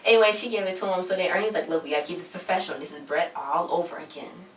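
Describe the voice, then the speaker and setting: A woman's voice: fairly low pitch, racing, distant mic. Chatty young woman recapping a show. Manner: chatty, retells scenes acting out characters' lines. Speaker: TV show reviewer. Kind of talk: casual recap vlog. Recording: roomy, from off-mic, faint hum.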